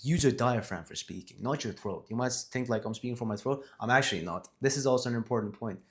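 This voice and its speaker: A man's voice: mid-range voice, quick pace. Rambling, self-correcting man talking to camera. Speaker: vlogger on communication skills. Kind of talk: casual talk to camera. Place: seated in front of a camera.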